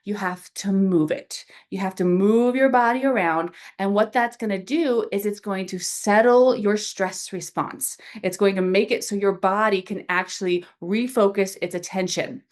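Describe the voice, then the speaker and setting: A woman's voice: mid-range voice, moderate pace, hardly any pauses. A woman guest on a faith podcast, explaining ideas earnestly and acting out small everyday dialogues as she goes. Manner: earnest, lively, acts out little dialogues. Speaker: podcast guest, founder of a reset program. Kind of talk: faith-based explanatory interview talk.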